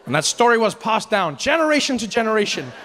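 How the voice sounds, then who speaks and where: Man from africa, stand-up comedian, high voice, animated storytelling, faint background noise. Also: fast talker, a faint crowd. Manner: animated, swinging into shouted impressions.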